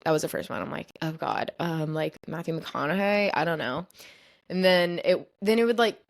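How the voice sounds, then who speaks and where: A woman's voice: on the low side, moderate pace. A young adult woman hosting a podcast, telling a story in a casual, chatty way and filling her speech with "like". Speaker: podcast host.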